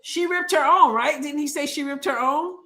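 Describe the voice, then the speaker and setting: A woman hosting a live stream, reacting to a basketball game with animated, indignant commentary and reading out viewer comments. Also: sits high, moderate pace. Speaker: show host.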